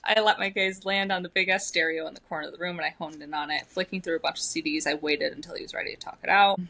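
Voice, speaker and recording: A woman's voice: sits low, fairly even intonation, fast talker, pushed and bright, rough recording. A young woman co-hosting a book podcast, reading passages aloud and commenting on them between readings. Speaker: podcast co-host. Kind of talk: casual book discussion with read-aloud passages.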